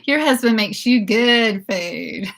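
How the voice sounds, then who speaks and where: This beauty channel host, a woman in her fifties from the American South, talks slowly in a fairly high, gravelly, slightly bright voice full of expression. She giggles often, keeps saying "oh my goodness," and responds to viewers during a relaxed livestream chat.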